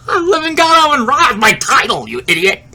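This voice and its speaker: High-voiced, lively storytelling man. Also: unhurried, noisy background. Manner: animated, laughs often, swears freely. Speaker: video creator telling a personal story. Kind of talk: casual storytelling monologue.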